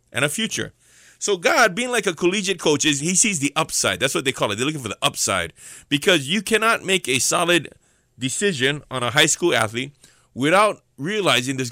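A man preaching an informal devotional sermon, earnest and repeating key lines slowly for emphasis. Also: mid-range voice, pushed and bright, no echo, clean studio sound.

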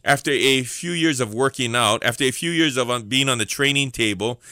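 A man preaches an informal devotional message in a bright, forceful voice. He is earnest and slows down to repeat his key lines for emphasis. The sound is close and dry, with no room around it. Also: medium pitch, no room sound.

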